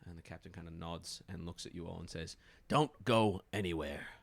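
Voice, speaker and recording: A man with a very low, gravelly voice narrates as game master of a tabletop role-playing game. He talks in a loose, easygoing way, full of fillers and restarts. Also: quick pace, dry recording. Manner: relaxed narration with many fillers, jumps into character voices.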